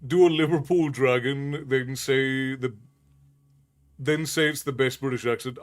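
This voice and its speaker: A man's voice: medium pitch, fairly even intonation, unhurried. A man from New York City, a streamer, chatting casually with viewers, reading their messages aloud and laughing often.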